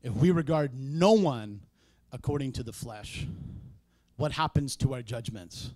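A man preaching a sermon in a church, conversational in tone, with sudden loud emphatic peaks. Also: mid-range voice, lively intonation, a little slow, no echo. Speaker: pastor.

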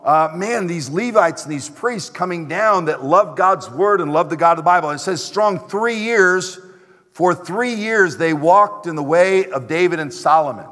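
A man's voice: sits high, lively intonation, moderate pace, fairly bright tone. Middle-aged preacher man, reverberant church. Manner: emphatic, repeats rhetorical questions to the congregation. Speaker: pastor. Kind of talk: sermon. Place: church sanctuary.

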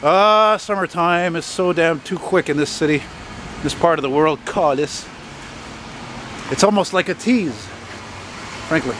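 A man with a gruff voice, walking and talking in a blunt, profane, rambling way as he films a casual vlog. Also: a little high, measured pace, pauses often. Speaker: vlogger. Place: city street outdoors. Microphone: handheld camera. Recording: outdoor traffic noise. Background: street traffic.

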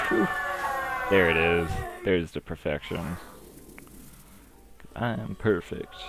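A man's voice: low voice, gravelly. A young man giving casual, rambling commentary while playing a game, with lots of fillers and swearing. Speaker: gaming commentator. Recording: noisy home recording.

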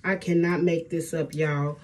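A middle-aged woman talking casually to her viewers at home, chatty and warm with plenty of y'all. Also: sits low, little pitch movement, unhurried. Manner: chatty, addresses viewers as y'all, Southern US speech. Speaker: hair vlogger. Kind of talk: casual vlog chat.

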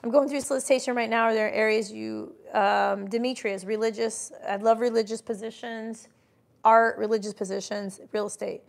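A woman's voice: fairly high pitch, level tone, moderate pace, gravelly. A woman in her forties hosting a casual live stream, giving emphatic motivational talk and reading chat comments aloud. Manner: mimics doubters in mocking voices. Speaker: livestream host and business coach.

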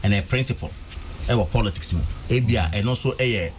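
A man's voice: fairly low pitch, fairly quick, slight background noise. A Ghanaian man talking politics on a studio panel, emphatic and repeating words for stress. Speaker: political commentator.

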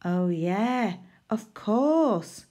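Slow, lively woman teaching phonics. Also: medium pitch. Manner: sounds out letters, makes playful mistakes on purpose. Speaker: primary school teacher. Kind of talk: recorded phonics lesson for young children.

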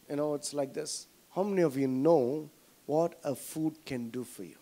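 A pastor with a Tamil-flavoured Indian accent delivers a sermon in a notably high voice for a man. He keeps turning to the congregation with questions, coaxing agreement as he preaches. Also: normal speed, warm tone. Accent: Indian English, Tamil.

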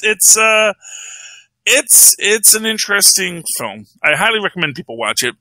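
Brief: male podcast host, animated and bright, rambles with restarts and laughs, dry sound. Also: fairly high pitch, no room sound, poor audio. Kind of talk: casual chat, film review.

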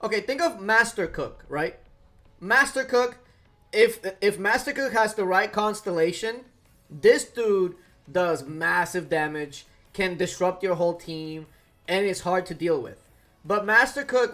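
A man streaming a mobile game, chatting casually with viewers and cooing softly to his cat. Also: high-pitched, a little slow. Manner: animated, talks to chat and coos to his cat. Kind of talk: casual live-stream chat.

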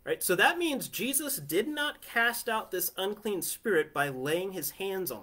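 A man's voice: sits high, sing-song, unhurried, few pauses, pushed and bright. A man preaching a sermon from his family living room in a conversational way, often asking listeners "right?". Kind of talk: home sermon.

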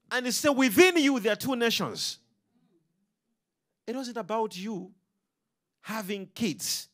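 Guy preaching a sermon, high pitched, keeps asking the crowd questions, really animated.

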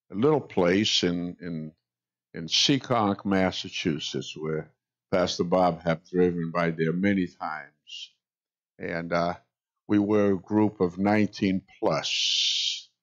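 A male pastor preaching a sermon, telling stories in an unhurried way with wry jokes. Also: low voice. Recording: dull lo-fi sound.

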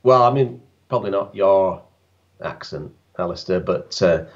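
A man's voice: low voice, lively intonation, normal speed. Dry-humored man on a dull line. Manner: dry, self-mocking humor. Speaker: guest landscape photographer. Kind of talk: bantering live stream chat.

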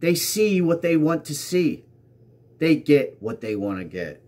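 A man's voice: fairly high pitch, big pitch swings, measured pace, darkish tone. A man hosting a political commentary show, reading out tweets and mocking them sarcastically, repeating lines for emphasis.

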